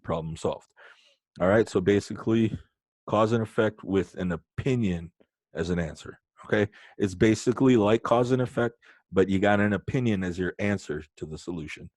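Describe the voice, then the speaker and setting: A male teacher with a lowish voice runs a lesson, joking around and talking right to his students. The sound is close and dry, with no room echo. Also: normal speed. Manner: joking, animated, talks to students directly. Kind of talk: playful online lesson.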